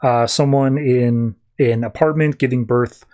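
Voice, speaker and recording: A man's voice: mid-range voice, fairly even intonation, a little slow, a little mellow. A man hosting a podcast, casually recapping and reviewing a story in a loose, rambling way full of fillers. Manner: loose, filler-heavy retelling with frequent "like". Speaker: podcast host.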